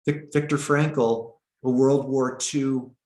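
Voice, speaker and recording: A man teaching an online meditation class, speaking slowly and haltingly with many restarts, over a video call. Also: mid-range voice, little pitch movement, a little mellow, roomy sound. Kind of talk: online dharma talk.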